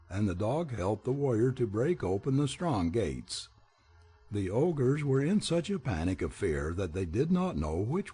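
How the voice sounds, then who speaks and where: A man reading a children's storybook aloud in an expressive, animated narration. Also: on the low side, slightly rough. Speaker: audiobook reader.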